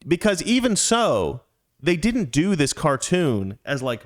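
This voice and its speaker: A middle-aged man spins a casual, rambling story and keeps restarting his sentences. His pitch rises and falls a lot as he talks, and his delivery is chatty and playful. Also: big pitch swings, takes it slowly.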